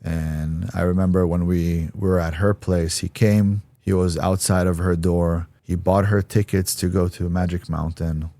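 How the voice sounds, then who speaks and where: A man's voice: low-pitched, little pitch movement, measured pace, few pauses, dark tone, no echo. A man giving an interview, telling a personal story bluntly and acting out the voices of people he quotes. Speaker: interview guest.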